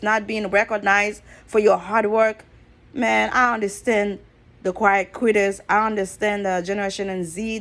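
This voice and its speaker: A woman in her thirties ranting about her job in a frustrated, emphatic, repetitive way. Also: medium pitch. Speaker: vlogger. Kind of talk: casual rant to camera.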